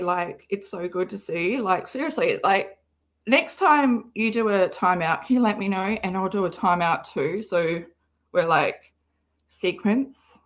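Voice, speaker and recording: Young woman, live stream host, unhurried and chatty, swears freely. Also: medium pitch, fairly bright tone. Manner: swears often, chatty, greets viewers by name. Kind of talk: casual live stream chat. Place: car.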